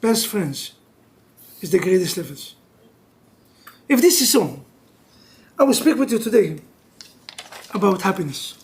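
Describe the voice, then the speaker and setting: A man, a rabbi, giving an animated and joking class to couples. He mixes Hebrew terms into non-native English and moves between loud outbursts and hushed intensity. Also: sits high, measured pace, pauses often. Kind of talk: lively religious class for couples.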